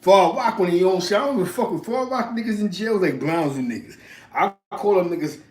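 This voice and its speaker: A man with a New York accent, raised in East Harlem, spins loose stories in heavy street slang. His voice sits a bit high for a man, and his talk rambles in casual loops. The sound bounces around a reverberant room. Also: brisk, a little mellow. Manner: rambling, slangy, punctuated with "you know what I'm saying" and laughs. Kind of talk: casual storytelling.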